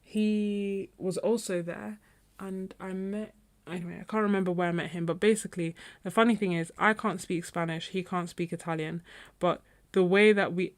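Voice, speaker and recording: A woman's voice: lowish voice, steady tone, moderate pace. A woman who hosts an art livestream, chatting casually with viewers in a meandering way and often trailing off while she searches for names. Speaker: artist hosting a painting livestream. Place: home studio, indoors.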